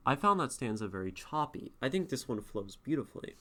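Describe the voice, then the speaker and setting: A young man streaming live, reading chatters' poems aloud and then taking them apart line by line. His voice sits at a middle pitch, and he talks in a loose, relaxed way, stopping to think out loud. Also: fairly quick. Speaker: streamer critiquing poetry. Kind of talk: live-stream poetry critique.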